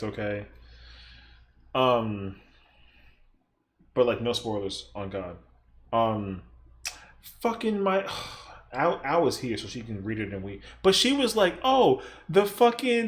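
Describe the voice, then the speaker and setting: A young man chatting casually on a stream, rambling, swearing freely and acting out other people's lines in exaggerated voices. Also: medium pitch.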